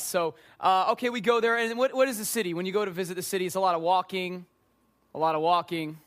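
A young adult man giving a storytelling sermon as a youth pastor, animated and self-mocking with quick asides. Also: sits high.

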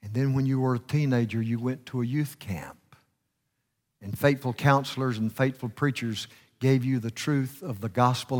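A mid-range male voice at a moderate pace belongs to a guest preacher delivering a fervent sermon in a church sanctuary. He tells a story, swelling and dropping his voice for emphasis, and the recording carries the echo of the church hall.

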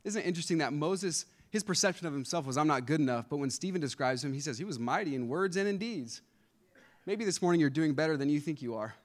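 A male pastor preaching a sermon, with a rhythmic, repetitive delivery that builds to loud, emphatic peaks. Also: fairly high pitch, expressive, fast talker.

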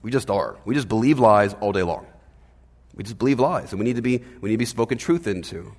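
A man's voice: lowish voice, fast. Conversational male pastor preaching in a hall. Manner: animated, conversational preaching with frequent "right?". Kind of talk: sermon. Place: church hall.

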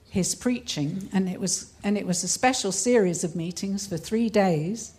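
A woman's voice: lowish voice, a little mellow. An older woman from England telling her testimony at a conference, earnest and often laughing as she speaks. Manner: earnest storytelling, breaks into laughter. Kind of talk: testimony talk.

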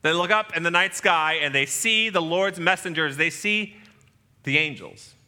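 A man preaching in a church, his voice very bright and clear over a long hall reverb. He delivers his sermon with humor, acting out the voices he quotes. His pitch sits a little high for a man. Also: moderate pace. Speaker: pastor. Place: church sanctuary.

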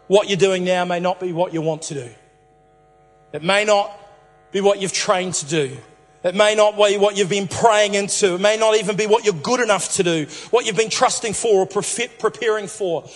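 A male pastor with a fairly high voice preaches in a big church auditorium. He tells his story in a loose, playful way and keeps coming back to the same phrases. His voice trails into a long reverb with soft music underneath. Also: moderate pace. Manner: repetitive, playful storytelling with catchphrases. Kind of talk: sermon.

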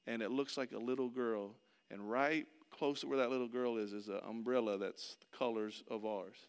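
A middle-aged man preaching a sermon, telling a personal story and swinging between loud excitement and hushed, soft passages. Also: medium pitch, clean tone. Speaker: pastor. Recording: long hall reverb.

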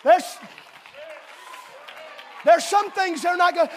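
A middle-aged man preaching a sermon in a church, swinging between emphatic shouted declarations and quiet, chatty asides to the congregation. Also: extremely high pitch, slow pace, long pauses, slight background noise.

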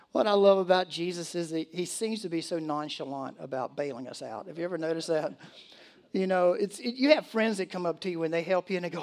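A man's voice: fairly high pitch, darkish tone. A male pastor delivering a sermon in a church, telling stories animatedly with laughs and acted asides.

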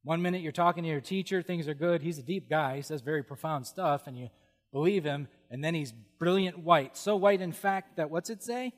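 A middle-aged male pastor preaching with lively humor and frequent exclamations of awe. His voice sits a little higher than most men's and rings with the long reverb of a big hall. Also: brisk. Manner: animated, humorous, exclaims "whoa". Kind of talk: sermon.

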